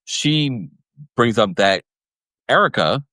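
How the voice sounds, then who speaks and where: A man hosting a livestream podcast recap, chatty and animated, laughing often and reading viewers' comments. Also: medium pitch, slow pace, dry recording. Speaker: podcast host recapping reality TV.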